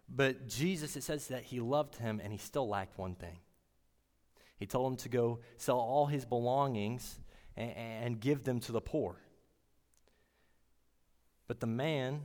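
A man's voice: medium pitch, darkish tone. Earnest man preaching in a reverberant room. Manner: earnest, halting, with frequent restarts. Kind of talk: sermon.

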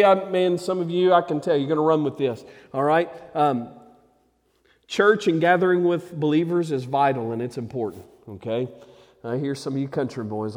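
A male pastor, preaching a sermon, moving between emphatic passages and hushed ones. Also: medium pitch, in a large hall. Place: church sanctuary.

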